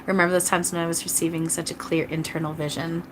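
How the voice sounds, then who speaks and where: Over background noise, a woman channeler does live readings on a stream, chatting in a rambling, earnest way with frequent restarts and apologies to viewers. Her voice is deep, her delivery flat and fast.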